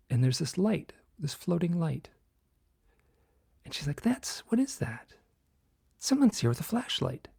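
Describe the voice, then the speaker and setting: Gravelly-voiced man in his sixties. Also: mid-range voice, dry recording, clean studio sound. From Michigan. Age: 60s. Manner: animated storyteller, drops to a whisper for tense moments. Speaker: guest author. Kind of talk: storytelling in a podcast interview.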